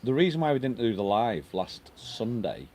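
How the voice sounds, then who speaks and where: A man's voice: on the low side, big pitch swings, normal speed, darkish tone. A middle-aged man hosting a casual live stream at home, chatting and reading out viewer comments.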